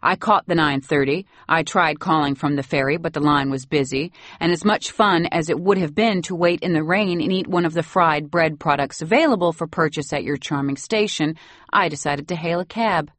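An acid-tongued old society matriarch with a clipped Boston Brahmin accent, put on by a woman reading an audiobook. She talks down to everyone with dry sarcasm, in a voice pitched a little above the reader's own low tone. The recording is close and dry. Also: normal speed, fairly bright tone, no echo. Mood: haughty. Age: over 60. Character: haughty elderly upper-class grandmother. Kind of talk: audiobook character voice.

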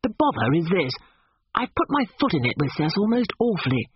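A man's voice: high voice, sing-song, fairly quick, slightly rough, no room sound, muffled recording, voice pushed up, exaggerated voice. A man reading an audiobook, voicing a sulky, blunt young man who grumbles at his mother.

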